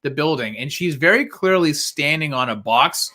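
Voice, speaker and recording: On a laid-back live podcast, a co-host retells movie scenes with gusto, playing the characters' lines and laughing. His voice is fairly high, bright, and forceful, with lively intonation at a normal speed.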